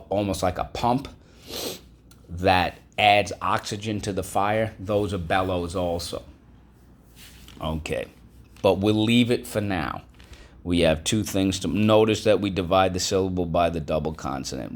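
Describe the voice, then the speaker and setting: A man teaching a classroom vocabulary and phonics lesson, patient and repetitive, prompting the class to repeat words. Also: low voice.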